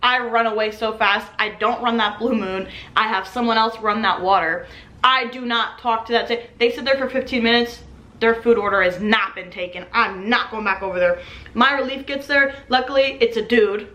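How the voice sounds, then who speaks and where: A server in her twenties narrates a lively, relaxed story, putting on customers' voices as she goes. Her pitch is fairly high, her pace is normal, and the room echoes.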